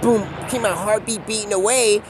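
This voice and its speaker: A man's voice: sits high, fairly even intonation, moderate pace, noisy background. A man telling a rambling, profane comic story outdoors, acting out all of the dialogue himself.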